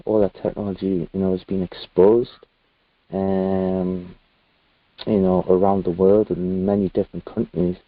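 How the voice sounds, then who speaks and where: A man's voice: sits low, flat delivery, measured pace. A British man from the UK, a guest talking in a casual video-call chat, earnest and rambling with many fillers. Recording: tinny phone-like dry call audio.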